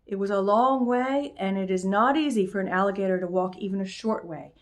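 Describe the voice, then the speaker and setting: A woman calmly reading a children's book aloud, in an expressive storyteller's voice. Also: mid-range voice, fairly quick. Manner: calm, expressive read-aloud voice.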